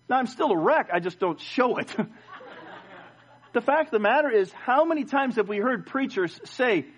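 A middle-aged man preaching a sermon as pastor, swinging from loud emphatic lines to quiet low ones. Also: lively intonation, normal speed. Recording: dull lo-fi sound.

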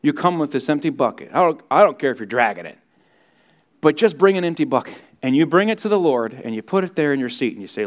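A man's voice: mid-range voice, expressive, fast talker. Earnest male pastor preaching. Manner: earnest preaching, drops to hushed tones for prayer and rises for emphasis. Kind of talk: sermon.

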